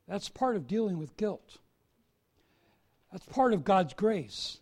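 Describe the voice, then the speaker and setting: A male preacher giving a sermon, swinging from soft confession to loud emphasis. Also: high voice, sing-song, takes it slowly, pauses often, slightly rough.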